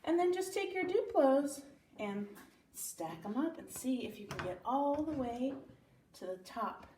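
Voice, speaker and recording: A cheerful woman teacher talks children through a hands-on activity. Her voice sits a little high and is picked up from a distance in an echoey room with clear background noise. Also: animated, unhurried, warm tone. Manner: cheerful, talks while stacking toy blocks. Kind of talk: casual instructions to children. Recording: echoey room, mic far off.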